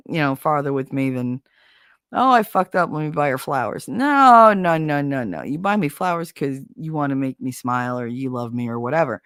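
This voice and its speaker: A woman's voice: low voice, no echo, studio quality. A woman hosting a live stream, chatting casually and profanely with her viewers, acting out quoted lines in exaggerated voices. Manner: profane, wisecracking, acts out quotes in big voices. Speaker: livestream host.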